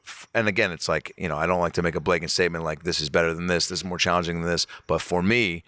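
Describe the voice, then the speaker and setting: A comedian telling a personal story in casual podcast chat, swearing freely and acting out quoted lines with big jumps in pitch. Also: male voice, fast talker, dry recording. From Reno, Nevada area. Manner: animated, swears a lot, acts out quotes with sharp jumps in pitch. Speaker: comedian guest.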